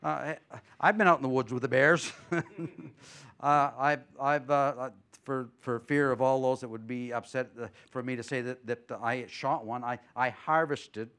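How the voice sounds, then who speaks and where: A middle-aged man preaching as a guest pastor, telling folksy stories and moving between loud preaching and quiet, chatty asides. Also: mid-range voice, steady tone, normal speed, clean tone. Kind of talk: sermon.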